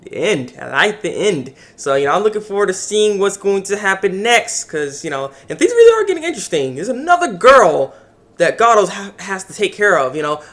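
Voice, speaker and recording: Lively young man reviewing anime. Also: sits high. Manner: animated, acts out the characters' lines in quick voices. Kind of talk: casual anime episode review.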